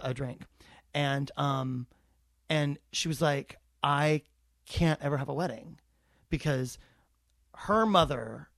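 A man in his forties, a comedian co-hosting a chat, telling a story in an animated, rambling, self-deprecating way. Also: on the high side, no echo. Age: 40s. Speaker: comedian co-host.

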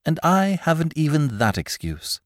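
A breezy, whimsical gentleman sleuth with a raised, lively voice that leaps about theatrically, as a man reads him. He sounds quick and airy, recorded in a dry, close space. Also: a little high, no room sound, pitched above the performer's own voice. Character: flippant aristocratic young male sleuth.

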